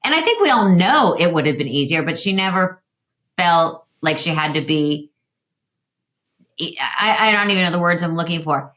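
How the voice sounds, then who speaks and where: A woman in her fifties, a guest telling candid stories with quick asides. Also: fairly low pitch, lively intonation, a bit bright. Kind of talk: interview conversation.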